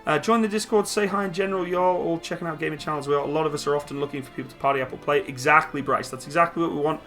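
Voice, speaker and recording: A man's voice: fairly high pitch, fairly even intonation, racing, a bit bright, soft background music. Upbeat man chatting on a live stream. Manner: upbeat, reads viewer comments aloud and replies. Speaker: YouTube streamer answering live chat. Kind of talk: casual live-stream chat. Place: home room.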